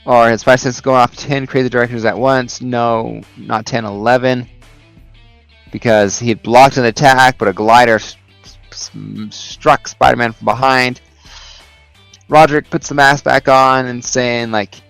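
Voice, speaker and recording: A man's voice: mid-range voice, steady tone, normal speed, creaky, a bit bright, clear, resonant tone, no echo, faint music behind, poor audio. A man recapping a comic book in a casual video review, rambling with lots of "you know" and "uh".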